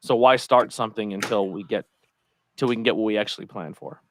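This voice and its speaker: A man's voice: fairly low pitch, fairly quick, a little hiss or hum. A man co-hosting a podcast, chatting casually and rambling, hedging his points as he goes. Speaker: podcast co-host. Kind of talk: casual chat.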